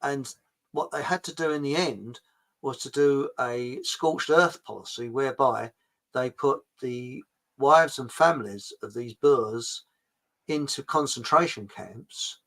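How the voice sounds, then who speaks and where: A man hosting a casual talk show, rambling and jokey, swinging between loud and quiet. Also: medium pitch, slow, poor audio. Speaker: show host. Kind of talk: casual political chat.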